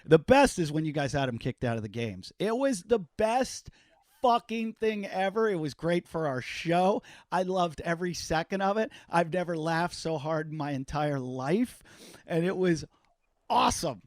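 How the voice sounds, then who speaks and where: Brief: male podcast host, slightly high voice, animated and jokey, dry close sound. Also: moderate pace, no echo. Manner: animated, profane, jokey storytelling. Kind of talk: casual interview chat.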